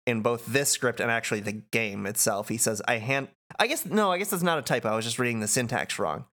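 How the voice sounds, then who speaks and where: Player with a gravelly, lively voice. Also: medium pitch, fast talker. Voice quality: laughs often. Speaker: player reading game script. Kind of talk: casual game read-through.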